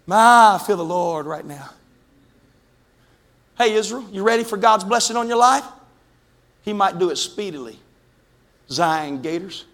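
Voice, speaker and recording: A man preaching a fervent Pentecostal sermon in a church, calling out to the congregation and rising to shouts. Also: sits high, animated, unhurried, pauses often. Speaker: pastor. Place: church sanctuary.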